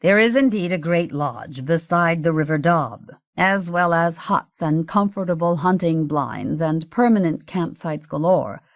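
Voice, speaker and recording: A woman's voice: fairly low pitch, lively intonation, measured pace, hardly any pauses, no room sound. A woman voicing a grave, formal older archduke in an audiobook. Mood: worried. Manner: formal, explanatory. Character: grave older male archduke, anxious guide.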